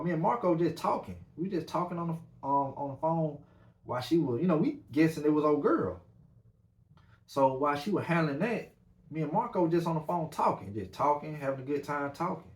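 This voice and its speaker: A man's voice: on the high side, brisk. Rambling man telling a story. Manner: animated, rambling with many fillers. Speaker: podcast host. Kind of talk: casual storytelling. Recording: roomy echo.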